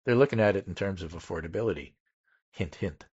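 Low-voiced man reading poll numbers. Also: a little mellow, slightly rough, lo-fi sound. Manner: methodical, pauses to stress numbers. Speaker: political podcast host. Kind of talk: casual political chat, reading poll findings.

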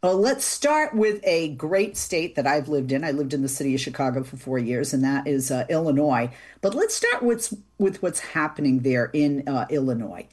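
A woman's voice: sits low, sing-song, normal speed, hardly any pauses, a little mellow, breathy edge. A woman hosting a talk show, chatty and easygoing, with plenty of fillers and restarts. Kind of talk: casual radio interview.

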